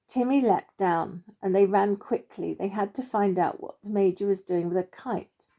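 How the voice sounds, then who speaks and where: Mellow-voiced woman reading a children's story. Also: mid-range voice, normal speed. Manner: gentle, expressive read-aloud.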